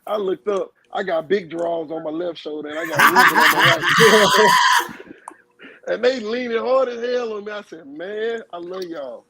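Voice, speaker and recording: A man, a former college football player, telling profane, animated stories among old teammates in casual chat. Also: high voice, moderate pace, background noise. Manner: animated, profane, laughing storyteller.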